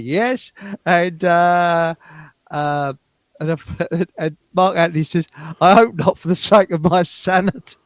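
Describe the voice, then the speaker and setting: A man's voice: fairly high pitch, a little slow, faint music behind. A man hosting a live show, chatting casually and joking with his co-host. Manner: chatty and jokey.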